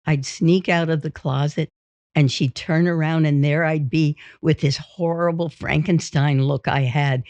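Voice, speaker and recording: A woman reading a first-person memoir aloud in a steady, unhurried way. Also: low voice, dry recording. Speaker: audiobook reader. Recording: dull, dry.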